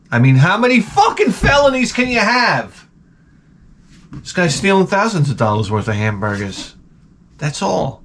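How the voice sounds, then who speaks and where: Animated New man ranting. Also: fairly high pitch, moderate pace, pauses often. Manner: rambling, profane, animated ranting. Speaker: host. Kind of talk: comedic monologue.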